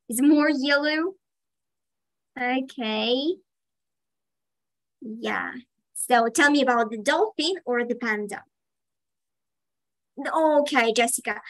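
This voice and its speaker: A woman teaching an online lesson to children, slowly praising and encouraging their answers. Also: high voice, a bit bright, low-quality recording. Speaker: English teacher for kids. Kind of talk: online kids' English lesson.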